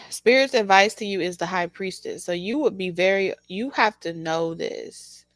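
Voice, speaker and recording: A woman giving a casual, animated tarot reading, teasing the listener and laughing often. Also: mid-range voice, measured pace, no echo. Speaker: tarot reader.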